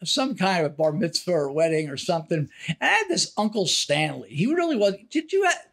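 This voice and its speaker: A man's voice: high-pitched, brisk, gravelly. An older man co-hosting a podcast, telling family stories in casual chat and acting out the quotes. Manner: animated storyteller, acts out quotes in a raised voice. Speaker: podcast co-host.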